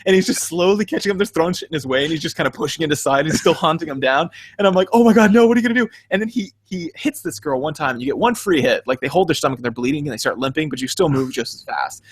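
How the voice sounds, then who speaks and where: A man's voice: a little high, fast talker, hardly any pauses, husky, dry recording. A man co-hosting a podcast in casual chat, telling stories with lots of laughter and acting out his own reactions. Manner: laughs often mid-sentence. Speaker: podcast co-host.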